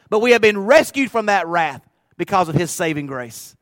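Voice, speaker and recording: A middle-aged man preaching a sermon, moving from low, confiding murmurs to loud, fervent preaching. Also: expressive, normal speed, dry recording. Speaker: pastor.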